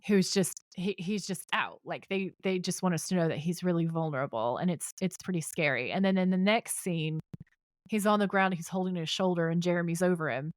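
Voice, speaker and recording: A woman's voice: fairly low pitch, fairly quick, no echo, studio quality. A woman co-hosting a podcast, chattily recapping a TV episode and reading out its dialogue with asides. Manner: retells scenes and reads out dialogue with chatty asides. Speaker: podcast co-host.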